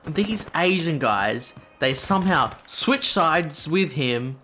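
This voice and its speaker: A man's voice: fairly high pitch, slow pace, a little hiss or hum. A teenage guy, telling a rambling, profanity-laced story casually while gaming. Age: teens. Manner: animated, swearing, rambling. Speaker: gaming channel host. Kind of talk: casual storytime over gameplay. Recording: game gunfire in background.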